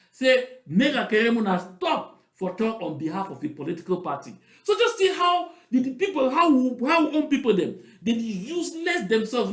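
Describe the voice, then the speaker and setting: A man's voice: very high voice, reverberant. A man speaking Cameroonian Pidgin English, giving mocking, emphatic political commentary and repeating points for stress.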